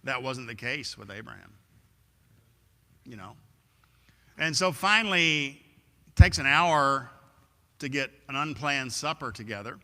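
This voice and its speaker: Bright-voiced male preacher telling a story. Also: mid-range voice, expressive, measured pace, long pauses. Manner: storytelling, acts out scenes. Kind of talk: sermon. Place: church. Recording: echoey church hall.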